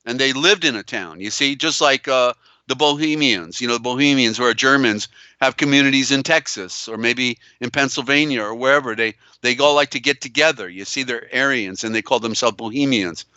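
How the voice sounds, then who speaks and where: A man's voice: mid-range voice, brisk, sharp tone, dry recording, dull audio. A man hosting a live call-in show. He talks emphatically and repeats himself, with many fillers and restarts. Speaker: host. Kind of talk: live call-in show, reading viewer comments.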